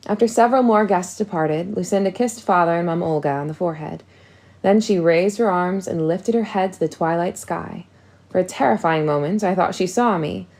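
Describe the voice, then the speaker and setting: A woman narrating a first-person audiobook in a measured storytelling manner. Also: on the low side, darkish tone.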